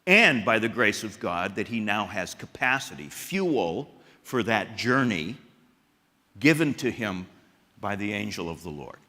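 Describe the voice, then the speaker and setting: A man preaching a chapel sermon, animated and questioning the audience, with stammered restarts and sudden jumps in pitch and loudness. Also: measured pace. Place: large chapel hall. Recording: echoey hall.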